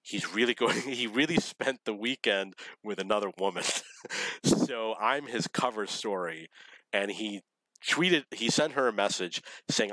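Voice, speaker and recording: A man's voice: lowish voice, a little slow, pushed and bright, no echo, low-quality recording. A man casually telling dating stories in a rambling, self-correcting, wry way. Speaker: storyteller.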